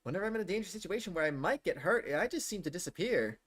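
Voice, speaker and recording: A man's voice: sits high, animated, very fast, fairly bright tone, breathy edge, voice pushed up, exaggerated voice. A man voicing a chatty young woman adventurer from a role-playing game, reading her lines lightly. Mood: breezy. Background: game music.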